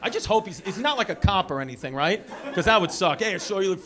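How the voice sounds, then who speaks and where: High-voiced profane New comic. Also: male voice, very animated, fast. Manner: loose, profane, teasing the audience. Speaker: stand-up comedian. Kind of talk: crowd-work stand-up. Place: small comedy club. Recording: live club with loud crowd laughter.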